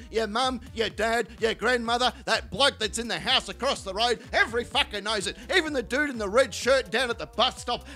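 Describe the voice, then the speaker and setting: High, bright-voiced man ranting crudely. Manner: crude, insulting, profane. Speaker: commentary channel host. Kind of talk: comedic ranting commentary.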